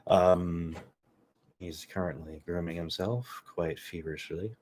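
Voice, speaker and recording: A man's voice: sits low, steady tone, slow, darkish tone, a little hiss or hum. A man in his thirties telling a casual story in a rambling way, with lots of fillers and some swearing. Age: 30s. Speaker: vlogger.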